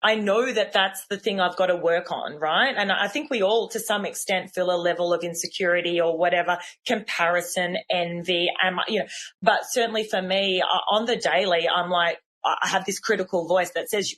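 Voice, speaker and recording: A woman, a podcast host telling personal stories in a casual, animated and self-deprecating way. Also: lowish voice, moderate pace.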